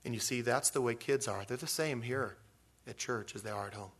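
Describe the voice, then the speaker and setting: A man's voice: fairly quick, husky. A man preaching a sermon as pastor, talking conversationally with jokey asides and acting out little quotes. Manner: animated, acts out quotes with big pitch swings.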